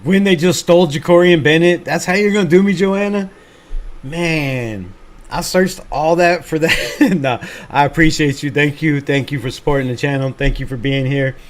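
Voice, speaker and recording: A man's voice: on the high side, normal speed. Laid-back man hosting a livestream. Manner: laid-back, chatty, swears casually, laughs at himself. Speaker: fan channel livestream host. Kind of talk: casual livestream chat reading comments.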